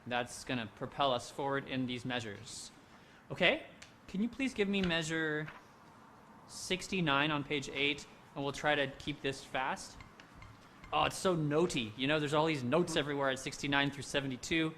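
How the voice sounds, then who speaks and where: Bright-voiced man conducting a handbell rehearsal. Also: a little high, moderate pace, a little hiss or hum. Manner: sings rhythms and counts beats aloud; upbeat, encouraging. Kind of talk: rehearsal instruction. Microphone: video call.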